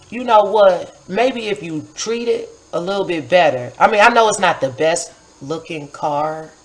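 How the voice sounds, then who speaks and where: A woman around forty tells a personal story to her viewers in a loose, conversational way. She talks in an animated manner, scattering "like" and "you know" throughout, and acts out what she once said in a livelier voice. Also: fairly low pitch, rough recording. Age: about 40. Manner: acts out her own past remarks in a livelier voice. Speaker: poet and vlogger.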